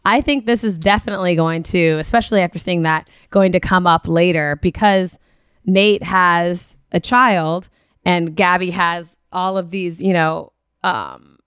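A woman's voice: on the low side, steady tone, unhurried, a bit bright, clear, resonant tone, no room sound, clean studio sound. A woman co-hosting a podcast, chatting casually and thoughtfully with many fillers. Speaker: podcast co-host. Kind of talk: casual recap chat.

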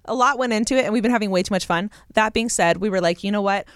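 A woman's voice: medium pitch, fast talker, a bit bright, no echo, studio quality. A woman co-hosting a casual chat, playful and teasing, talking in a chatty way. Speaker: podcast co-host.

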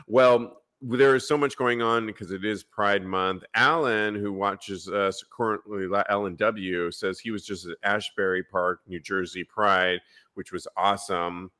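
A man's voice: fairly low pitch, steady tone, measured pace, pushed and bright. A man from San Francisco hosting a live podcast, upbeat as he reads listener emails and announcements. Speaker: podcast host.

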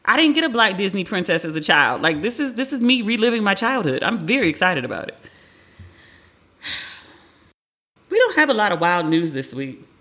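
A woman in her forties with a bright, sharp tone, talking casually as a show host. She is candid and chatty, swears freely and slips into the voices of the people she quotes. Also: mid-range voice, big pitch swings, normal speed, pauses often. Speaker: podcast host. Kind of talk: casual pop-culture commentary.

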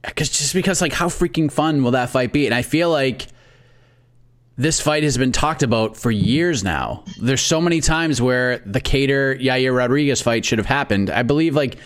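A man from Boston with a Boston accent, hosting a casual MMA talk show, animated and excitable, with pitch leaping on stressed points. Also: normal speed. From Boston, USA.

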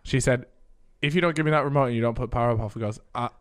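Give me a man chatting on a podcast, telling animated stories with lots of laughter. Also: mid-range voice, fast. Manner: animated storytelling, laughs often. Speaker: podcast host. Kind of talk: casual chat.

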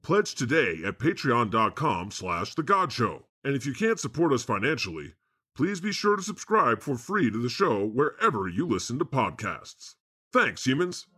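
A man playing God as a jokey podcast host, sarcastic and animated in comedy banter. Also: mid-range voice, normal speed, slightly rough, full character voice. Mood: playful. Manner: sarcastic, animated, laughs often.

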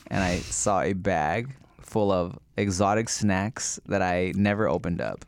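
A man's voice: low voice, unhurried, faint music behind. A man co-hosting a podcast, making crude jokes and teasing his partner. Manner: crude, joking reactions. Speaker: podcast co-host. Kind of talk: casual podcast banter.

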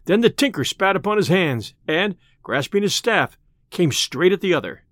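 A man narrating a storybook tale in an expressive, old-style storytelling manner. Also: high-pitched, moderate pace, dry recording, studio quality.

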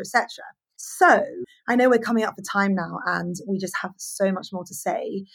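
A woman's voice: medium pitch, breathy edge. A woman hosting a podcast, talking candidly and with feeling about her own past relationships. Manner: candid and animated, sharing personal stories. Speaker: podcast host. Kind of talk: casual podcast conversation.

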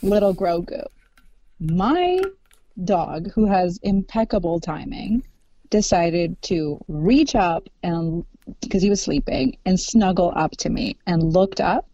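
A woman gushes in unhurried casual chat, laughing often and filling her speech with "like". Her recording sounds dry and close, with a dull, lo-fi tone. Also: on the low side, lively intonation, warm tone, no echo. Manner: gushing, laughs often, lots of "like".

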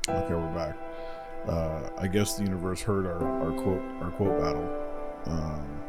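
A man's voice: low-pitched, fairly even intonation, normal speed, over loud music. A young man co-hosting a podcast, talking in loose, swearing banter. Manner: loose and swearing, often laughing. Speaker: podcast co-host.

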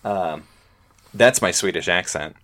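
A man with a very low voice hosts a casual podcast chat. He sounds laid-back and rambles, trailing off into fillers and restarts. He is in his thirties. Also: measured pace, a bit bright. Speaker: podcast host.

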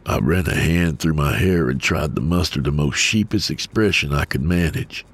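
A man giving a steady, measured first-person reading of a scripted horror story. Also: extremely low pitch, slightly rough. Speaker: narrator.

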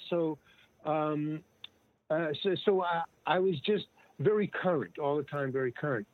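An older man, a guest actor and comedian, rambles casually through stories and acts out the dialogue he quotes. His voice is fairly high and unhurried, heard over a tinny, dry, phone-like line.

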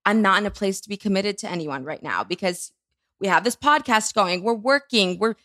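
Lively, bubbly young woman. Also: mid-range voice, brisk, dry recording, clean studio sound. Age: 20s. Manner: bubbly, rambling with many "like"s. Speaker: podcast co-host. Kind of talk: casual chat.

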